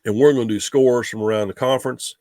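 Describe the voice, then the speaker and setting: Middle-aged male guest, rambling storyteller, mid pitch, dry close sound. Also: fast, dry recording. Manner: animated, rambling with restarts. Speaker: guest sportswriter. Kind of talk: casual storytelling.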